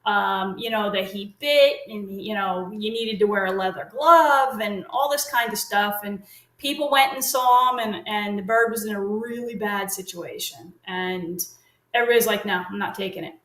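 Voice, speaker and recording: The parrot consultant, a middle-aged woman, rambles on as an interview guest, telling lengthy casual stories with fillers and restarts. Her medium-pitched voice is slightly bright and moves at a moderate pace. The sound is roomy and the audio poor.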